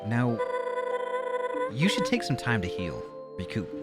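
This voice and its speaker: A man voicing a caring bird woman guard, speaking in a calm, reassuring way. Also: medium pitch, a little slow. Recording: loud game music behind.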